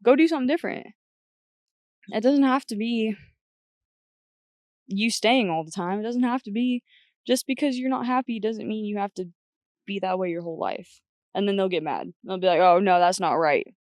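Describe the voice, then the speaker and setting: A woman's voice: medium pitch, moderate pace, dry recording. A young woman guest on a podcast, talking bluntly and chattily, often quoting herself. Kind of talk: casual chat.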